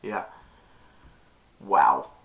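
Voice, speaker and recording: A man's voice: very slow, fairly bright tone. Rambling, hesitant young man. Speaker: co-commentator. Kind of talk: reaction commentary.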